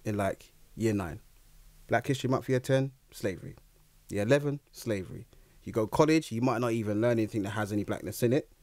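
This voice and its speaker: A young man, a guest in a casual interview, telling his story in an animated way and acting out his own reactions. His voice is recorded dry and close. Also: fairly low pitch, brisk, no echo.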